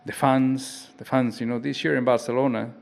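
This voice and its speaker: Spanish man, non-native English, mid-pitched, thoughtful and halting, press-room answers. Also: level tone, gravelly, darkish tone. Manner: halting, reflective, with frequent restarts. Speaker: racing driver.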